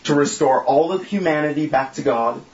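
A man's voice: a little high, moderate pace. A man leading a small group with an informal, joking yet earnest sermon and prayer. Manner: casual, joking, earnest preaching. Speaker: group leader and preacher. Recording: echoey room, slightly dull sound.

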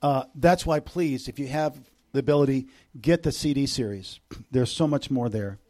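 A middle-aged man, a visiting preacher, delivers a sermon to a church congregation. He's animated, moving between loud outbursts and quiet, intimate stretches, and tosses in joking asides. His pitch is medium and his pace moderate.

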